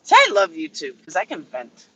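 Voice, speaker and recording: A man's voice: high-pitched, wildly swooping pitch, moderate pace, fairly bright tone, husky, low-quality recording. A man ranting casually and profanely on a livestream from a vehicle, answering chat members by name. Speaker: livestream commentator.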